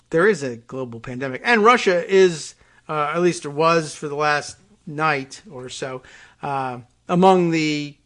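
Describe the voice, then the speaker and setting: A man's voice: fairly high pitch, fairly bright tone. A male host delivering a rambling, sarcastic monologue on a talk show, with plenty of hesitations and asides.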